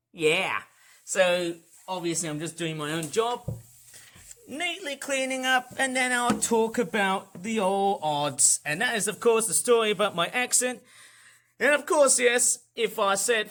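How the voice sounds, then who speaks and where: High-voiced Australian man vlogging. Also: bright, forceful tone. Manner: rambling, chatty, upbeat, repeats himself. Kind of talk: casual vlog chat while cleaning. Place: his own house, indoors.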